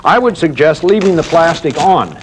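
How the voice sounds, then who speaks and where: A man's voice: on the high side, animated, normal speed. A middle-aged man hosting a home improvement show, explaining a woodworking project in a chatty, teasing, homespun way. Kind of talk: folksy how-to demonstration. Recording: 1990 VHS tape with faint hiss.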